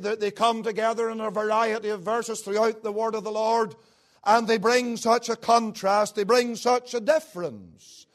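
A man preaching a sermon, rising to emphatic peaks and dropping to low, hushed lines, slow and deliberate on key words.

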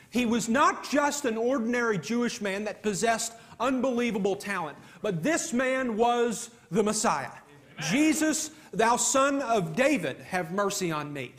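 Male preacher, high voice, emphatic sermon delivery. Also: fairly bright tone. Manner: earnest, emphatic preaching with repetitions.

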